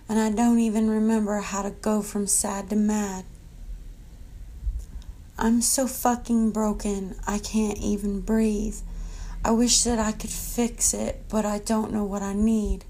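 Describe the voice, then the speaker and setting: Woman, spoken-word poet, monotone, unhurried, despairing. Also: mid-range voice, vocal fry, poor audio. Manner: slow, flat, despairing delivery.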